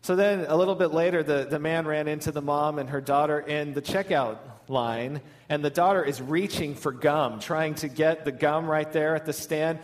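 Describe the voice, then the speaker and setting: A male lead pastor giving a sermon, telling a funny story in a warm, storytelling manner. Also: fairly high pitch, moderate pace, hardly any pauses.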